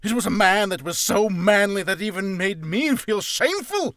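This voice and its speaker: A man putting on an overexcited fellow blurting out a wild bar story, loud and squealing. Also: sits high, lively intonation, normal speed, no echo, clean studio sound, voice pushed up. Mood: manic.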